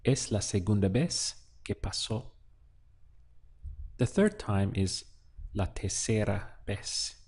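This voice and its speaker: A male teacher walks through a language lesson, slow and patient, pausing to quiz the listener. His voice sits low with a gravelly, husky edge. He speaks close to the mic. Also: expressive, darkish tone. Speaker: Spanish teacher.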